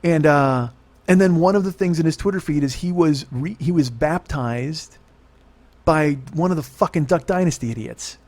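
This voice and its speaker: A middle-aged man hosting a podcast, ranting in a loud, heavily profane comedic style and laughing at his own jokes. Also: on the high side, normal speed, no echo. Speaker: podcast host.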